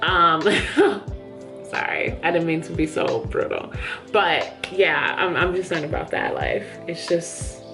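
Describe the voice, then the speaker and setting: A woman's voice: fairly low pitch, expressive, takes it slowly, gravelly, over music. A woman book vlogger chatting candidly to camera in a small room under studio lights, a little out of breath. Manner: chatty, candid, says "yo" and "y'all". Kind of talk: casual chat to camera.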